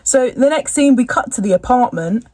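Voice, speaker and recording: A woman's voice: a little high, lively intonation, moderate pace, a little mellow, no echo. Give me a young woman casually recapping a show from home, slangy and jokey, recorded dry. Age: young adult. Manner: rambling, slangy, jokey asides. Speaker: vlogger recapping a TV episode. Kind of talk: casual chat.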